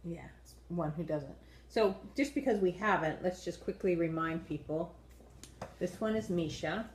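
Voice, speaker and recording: A woman co-hosting a casual dance-show review, measured and agreeable, steering the talk. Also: lowish voice, roomy sound, a little hiss or hum, rough recording.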